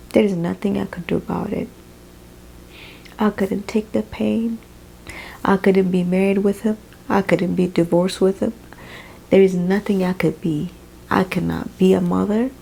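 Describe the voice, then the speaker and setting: A young woman who is not a native English speaker, talking emotionally in a personal vlog, halting and sighing as she fights back tears. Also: medium pitch, fairly even intonation, gravelly, warm tone, a little hiss or hum, rough recording. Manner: emotional, tearful, halting, with sighs. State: crying at times. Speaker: vlogger.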